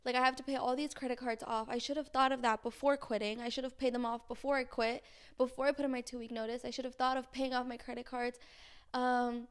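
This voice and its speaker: Young woman vlogger with a high voice, rambling and earnest, nervous confessional chat. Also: clean tone. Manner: rambling, full of fillers and restarts; earnest, anxious, faith-filled. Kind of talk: casual confessional vlog.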